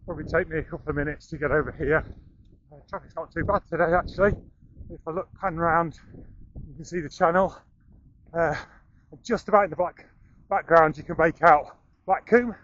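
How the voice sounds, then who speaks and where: Running through town and over a bridge, a middle-aged vlogger gives a slightly breathless commentary with dry self-deprecating humour. His fairly high, somewhat bright voice goes at a moderate pace with long pauses, recorded muffled with slight background noise on an action camera he carries.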